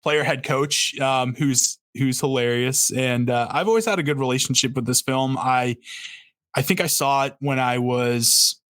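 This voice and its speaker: A man's voice: medium pitch, measured pace, a bit bright, dry recording, clean studio sound. A man hosting a casual podcast chat over a video call, laughing often and restarting his sentences. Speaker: podcast host running the draft.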